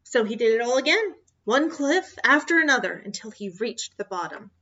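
A woman reading a children's picture book aloud in an expressive, animated way. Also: on the high side, normal speed, highs cut off. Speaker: storyteller.

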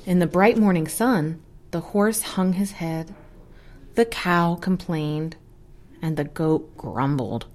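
Young female reader for a kids' story, slow and very expressive. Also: on the low side. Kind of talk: children's story read-aloud.

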